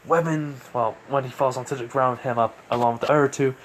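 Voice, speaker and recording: A man's voice: medium pitch, fairly even intonation, fairly quick, slight background noise. A man casually narrating a fan story, rambling with many fillers.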